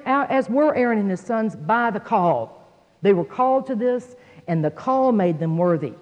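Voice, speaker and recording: A woman giving a Bible teaching, telling a personal story in an animated way and acting out the voices of the people in it. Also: medium pitch. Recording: dull sound in a hall with long echo.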